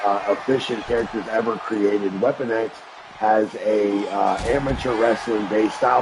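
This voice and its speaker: Man, gravelly, hyped wrestling game commentator, noisy stream audio. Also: lowish voice, fairly even intonation, normal speed. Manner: hyped announcer delivery that rises to shouts. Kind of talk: play-by-play commentary.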